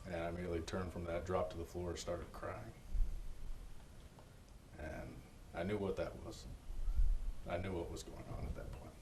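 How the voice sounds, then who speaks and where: A man with a very low, deep voice shares a personal testimony. He talks earnestly and haltingly, often restarting sentences. There is a faint hiss of noise behind him. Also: little pitch movement. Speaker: church member giving testimony.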